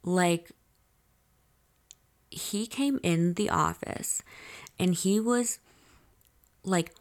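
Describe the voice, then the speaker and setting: A woman's voice: lowish voice, very slow, pauses often. A woman hosting a confessional diary podcast, telling a personal story candidly and with swearing, speaking straight to her listeners. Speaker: podcast host.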